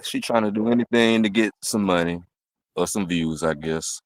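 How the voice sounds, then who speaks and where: A man's voice: on the low side, normal speed, dry recording. A man co-hosting a casual gossip stream, laid-back, making short comments and filling with "you know".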